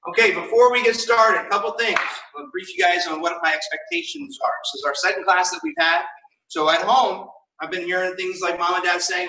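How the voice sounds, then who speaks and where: A young man teaching a martial arts class online, firmly giving orders and counting warm-up drills aloud. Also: high voice, big pitch swings, fairly quick. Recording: echoey room, mic far off.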